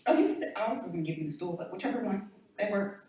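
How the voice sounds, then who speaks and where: A woman moderating a comedy panel, speaking in a warm, grateful and chatty way. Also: medium pitch, quick pace. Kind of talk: event hosting. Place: event hall on campus. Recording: echoey hall, distant mic, background noise.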